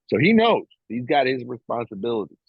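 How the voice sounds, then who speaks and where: A man's voice: mid-range voice, big pitch swings, a little fast, creaky, slightly rough, no room sound, narrow, tinny audio. A middle-aged man co-hosting a podcast, rambling with many restarts as he talks proudly about his son. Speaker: podcast co-host. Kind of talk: casual motivational chat.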